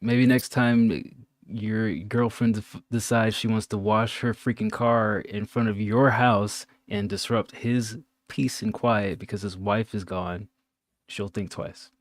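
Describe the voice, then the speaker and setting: A man's voice: lowish voice, steady tone, takes it slowly, dry recording. A man co-hosting a casual chat show who makes dry joking asides. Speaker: podcast co-host.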